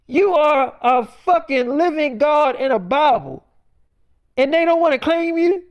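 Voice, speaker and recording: A man's voice: very high voice, lively intonation, a little slow. Swearing preachy man rambling. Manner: preachy, blunt, swears heavily, rambling repetitions. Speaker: self-styled prophet vlogger. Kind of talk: profane freestyle monologue.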